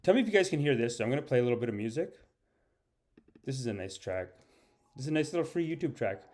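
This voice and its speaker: A man's voice: medium pitch, sing-song, fast talker, darkish tone. A man hosting a comedic live-stream podcast, rambling and ironically boastful as he chats with viewers and reads their names.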